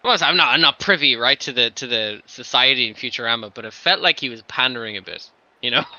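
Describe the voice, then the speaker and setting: A man's voice: medium pitch, expressive, fast, bright, forceful tone, low-quality recording. A man trading jokes and self-mocking banter with friends over a board game. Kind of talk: casual chat while playing a board game.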